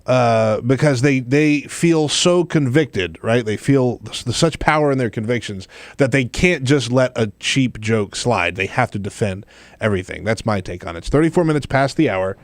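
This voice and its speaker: Male call-in radio host, animated and easily amused, dry close mic. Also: medium pitch, normal speed, no echo. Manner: animated and easily amused, laughs along with callers. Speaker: radio talk show host.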